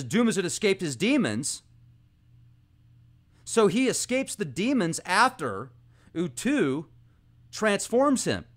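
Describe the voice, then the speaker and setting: A man hosting an informal monologue, talking animatedly and excitably, speeding up and slowing down as he goes. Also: on the high side. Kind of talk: casual esoteric monologue.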